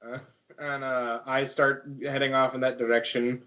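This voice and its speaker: A man's voice: medium pitch, flat delivery, normal speed, pushed and bright, lo-fi sound. A man playing a tabletop game in a joking, playful way. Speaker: player. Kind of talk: casual tabletop play.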